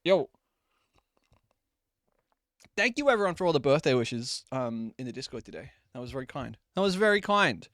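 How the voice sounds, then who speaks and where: Lively, chatty young male streamer. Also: mid-range voice, moderate pace, pauses often, no echo, clean studio sound. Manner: animated, chatty, swears casually. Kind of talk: casual live-stream chat with viewers. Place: at home at his desk.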